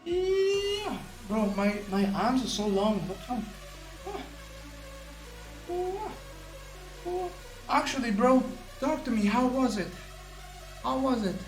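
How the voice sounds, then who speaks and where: A man's voice: very high voice, animated, a little slow, reverberant, faint music behind. A man live-streaming in a brash, boastful, profane way, tired out. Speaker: livestreamer. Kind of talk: casual live-stream chat.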